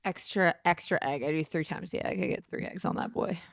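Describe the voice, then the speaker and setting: A woman's voice: lowish voice, fairly quick, gravelly, clean studio sound. A woman from the US South co-hosting a casual podcast, laid-back and giggly, often echoing her co-host. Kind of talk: casual chat.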